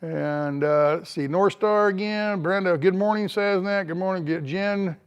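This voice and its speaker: Older guy rambling thru his live chat outside, kinda high-ish voice, lots of uhs. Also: unhurried, smooth, muffled recording. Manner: rambling, drawling, lots of uh fillers. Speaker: vlogger reading live chat. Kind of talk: casual live-stream chat. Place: outdoors.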